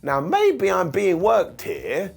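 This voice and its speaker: Husky man, sarcastic recap. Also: sits high, slow pace, soft background music. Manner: sarcastic, animated, acts out quotes in funny voices. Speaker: wrestling show reviewer. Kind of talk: casual recap commentary.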